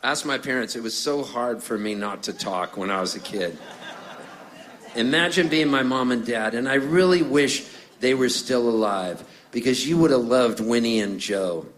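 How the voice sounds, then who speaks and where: A middle-aged man from Canada chats between songs on a stage. His storytelling is loose and joking, and he keeps slipping into the voices of the people he talks about. His voice sits at an ordinary middle pitch. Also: moderate pace, fairly bright tone. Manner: chatty, jokey, acts out voices in his stories. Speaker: singer-songwriter telling stories on stage.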